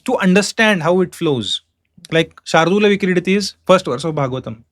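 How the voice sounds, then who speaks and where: A man teaching a class, explaining step by step and chanting verses slowly in meter. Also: sits high, expressive, fairly bright tone, dry recording, clean studio sound. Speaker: Sanskrit teacher. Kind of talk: online class lecture.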